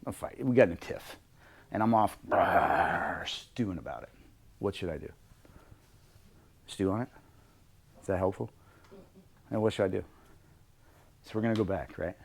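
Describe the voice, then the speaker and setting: A middle-aged man with a fairly low voice coaches a small workshop group. His delivery is lively and conversational, and he slips into little acted-out exchanges to make his points. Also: moderate pace, vocal fry, pauses often, slightly rough. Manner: lively, acts out dialogue in different voices. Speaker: leadership coach. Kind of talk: workshop talk.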